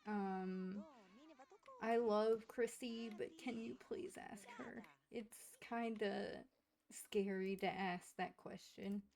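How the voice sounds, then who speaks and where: A woman's voice: mid-range voice, steady tone, takes it slowly, creaky, a little mellow. A woman voicing an anxious young woman pleading. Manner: pleading, hesitant.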